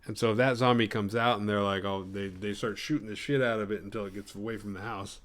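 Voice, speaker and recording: Lowish guy retelling a horror movie for laughs, cusses a lot, pops into silly voices. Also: steady tone, a bit bright. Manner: swearing, jumps into quick voices for characters. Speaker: podcast host recapping a horror film. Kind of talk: casual comedic retelling.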